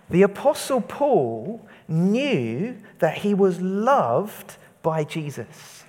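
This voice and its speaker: A man's voice: sits high, extremely slow, hardly any pauses, big-room sound. A man preaching an all-age church talk, getting children and adults to say words back to him. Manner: lively, interactive, leading call-and-response. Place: church hall.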